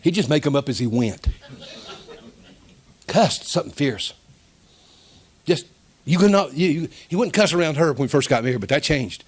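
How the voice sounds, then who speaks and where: A middle-aged pastor with a fairly high voice tells a personal story from the pulpit. He preaches in a folksy, heartfelt way. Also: expressive, moderate pace, long pauses. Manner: folksy, emotional, rising to a preaching shout. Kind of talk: storytelling sermon.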